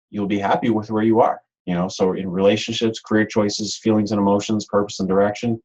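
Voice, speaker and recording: Husky low-voiced man giving a webinar. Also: a little mellow, highs cut off. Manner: rambling, repeats words, many ums. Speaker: webinar presenter. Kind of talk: unscripted webinar talk.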